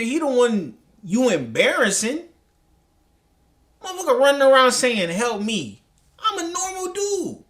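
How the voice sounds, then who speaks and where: A man's voice: very high-pitched, fairly bright tone. A man reacting to a clip, talking in a heated, profane, rambling way with many restarts. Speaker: commentary host. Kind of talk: reaction commentary.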